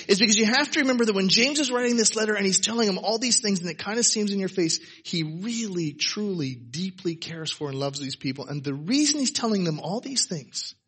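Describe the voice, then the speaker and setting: During a church service, a male pastor delivers a casual, emphatic, conversational sermon to his congregation, dropping in "right?" asides. His voice sits high, with a sharp tone and a breathy edge.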